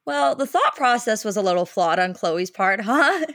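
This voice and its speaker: A woman's voice: mid-range voice, very animated, moderate pace, a bit bright, dry recording, studio quality. A woman co-hosting a podcast, playful and laughing as she chats. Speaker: podcast co-host. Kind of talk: casual chat.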